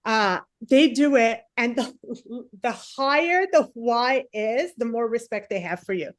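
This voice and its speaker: A woman's voice: on the high side, unhurried, no room sound, clean studio sound. A woman in her forties doing stand-up comedy, telling a rambling self-mocking story and acting out the other people's lines. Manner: chatty, self-mocking, acts out quotes.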